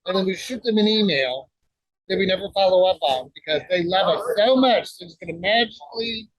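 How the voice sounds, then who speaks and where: A man's voice: high-pitched, animated, a little fast, a bit bright, no room sound, poor audio. A man co-hosting a podcast in playful, wisecracking banter, recorded between sessions at a conference. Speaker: podcast co-host. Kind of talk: casual podcast chat.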